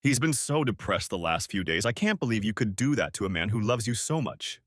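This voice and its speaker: A man's voice: fairly low pitch, lively intonation, fairly quick, no echo, clean studio sound. A man voicing a stern middle-aged mother who scolds bluntly, in a storybook reading. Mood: scolding.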